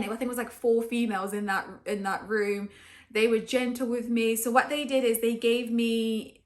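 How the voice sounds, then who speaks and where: A woman telling a personal story to camera in a chatty way, full of fillers and acted-out quotes. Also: a little high. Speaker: vlogger.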